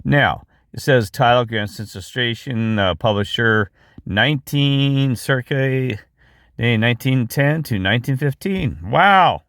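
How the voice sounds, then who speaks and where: A man hosting a video, talking through his screen as he clicks around, rambling and breaking into excited exclamations. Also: mid-range voice, unhurried, no room sound, studio quality. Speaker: video host. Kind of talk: excited screen-share commentary.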